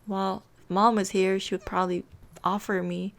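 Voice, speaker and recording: A woman voicing an insecure, sheepish fourteen-year-old girl in a life-sim game story, speaking softly and hesitantly. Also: mid-range voice, flat delivery, normal speed, creaky, lightly acted.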